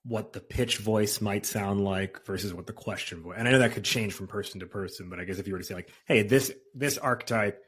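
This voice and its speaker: A man's voice: on the low side, fairly quick, hardly any pauses, fairly bright tone, breathy edge. A man hosting a podcast, talking in a casual, conversational way. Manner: casual, conversational, uses fillers like "like". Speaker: podcast host. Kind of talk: podcast interview.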